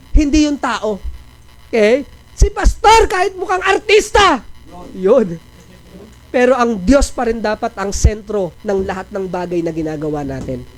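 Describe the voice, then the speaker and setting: A man's voice: very high voice, poor audio. Filipino male pastor, conversational preaching style, quizzes his listeners, jokes between points. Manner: preaching in mixed Tagalog and English, rhetorical questions, joking asides. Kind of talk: sermon. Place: church.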